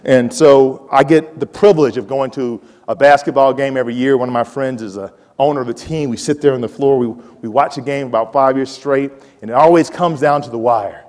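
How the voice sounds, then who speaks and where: A man in his forties giving a playful, animated motivational talk to students and calling out to the audience. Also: medium pitch, a little fast, hardly any pauses. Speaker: college president giving a talk. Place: large hall with a live audience. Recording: hall reverb.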